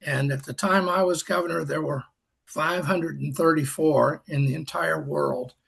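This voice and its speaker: A man's voice: a little high, steady tone, moderate pace, vocal fry, a bit bright, husky. An older man and past district governor, telling folksy, self-deprecating stories with dry humor on a group video call. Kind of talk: storytelling talk on a group call.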